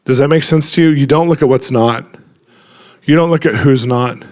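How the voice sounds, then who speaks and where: A man's voice: medium pitch, normal speed, darkish tone. A man preaching in a conversational, story-telling way, full of casual filler words. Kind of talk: conversational sermon.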